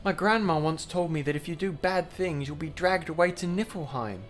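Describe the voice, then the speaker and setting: A man's voice: fairly high pitch, normal speed, soft background music, pitched above the performer's own voice, lightly acted. A man voicing a cheerful, innocent little girl while reading game dialogue aloud. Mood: sweet.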